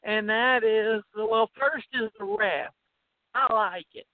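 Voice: medium pitch, expressive, takes it slowly, dry recording. Blunt, profane podcaster on a tinny line. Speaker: podcast co-host. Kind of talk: casual film chat. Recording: thin phone-like audio, dry.

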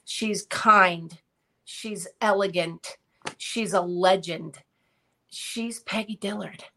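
Enthusiastic female co-host from New Jersey, mid-pitched and bubbly, easy laugh. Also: slow, pushed and bright. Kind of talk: casual chat.

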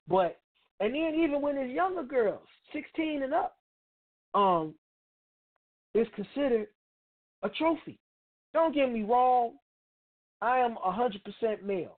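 A man's voice: very high voice, animated, unhurried, pauses often. Middle-aged man, blunt and profane, street slang, radio host monologue, tinny phone-like sound. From Chicago, United States. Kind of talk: opinionated monologue.

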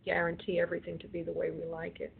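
A woman's voice: lowish voice, monotone, quick pace, creaky, slight background noise. A woman hosting a call-in radio show as a spirit medium, relaying messages and calling callers honey and darling. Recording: tinny phone line.

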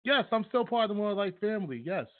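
A man co-hosting a casual sports and music chat show, animated and laughing often. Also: high-pitched, fast talker. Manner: animated, laughs often, talks over his co-host. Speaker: podcast co-host. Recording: tinny phone-line sound.

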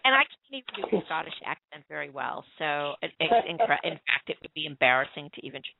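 A talkative woman with a low, gravelly voice, calling in to a TV show panel. She runs on in long explanations and reads her written review aloud. The sound is a thin, dry phone line. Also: big pitch swings, fast, slight background noise. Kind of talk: casual chat and reading her own written review aloud. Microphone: phone call-in.

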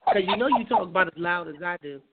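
A woman hosts a casual talk show with a hoarse, gravelly voice. She is chatty and laughs easily. Her voice comes through a thin, phone-like sound. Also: fairly low pitch, lively intonation, fast talker. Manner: chatty, laughs easily, says things twice. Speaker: radio show host.

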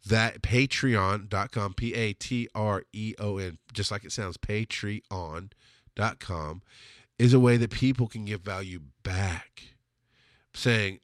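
A man's voice: lowish voice, a little slow, dry recording, studio quality. A man hosting a solo podcast, talking in a blunt, rambling way and swearing freely. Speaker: podcast host.

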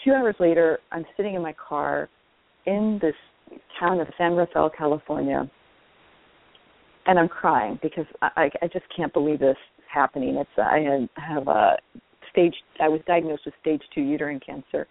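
Woman guest on a call-in radio show, animated, earnest storytelling, phone-line sound. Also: sits low, moderate pace, creaky. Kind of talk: casual interview storytelling.

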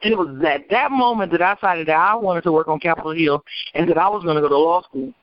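A woman attorney from Michigan telling her life story as an interview guest, animated and acting out the people she quotes. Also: lowish voice, fast talker, dry recording. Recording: dull, dry lo-fi recording.

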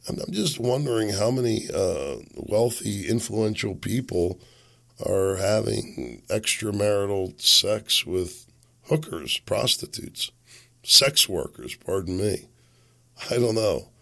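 Sick guy rambling sarcastic political commentary, low and gravelly. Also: animated, a little slow, bright, forceful tone. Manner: sardonic, rambling, chuckling asides. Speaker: podcast host.

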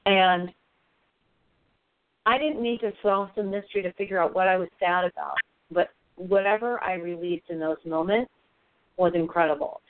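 A woman guest on a radio show, telling a personal story in an earnest, halting way with many fillers. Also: on the low side, a little hiss or hum. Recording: thin phone line, dry.

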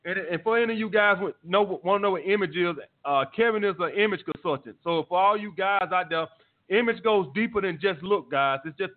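Profane, blunt man on a tinny line. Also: high voice. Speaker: dating advice host. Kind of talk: live call-in show, answering listener messages.

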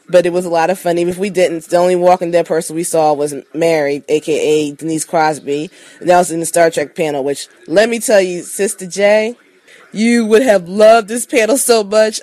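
A woman giving a casual, gushing recap of a TV episode, excitable and sleepy, repeating herself as she talks. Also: fairly low pitch, dry recording. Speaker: podcast contributor.

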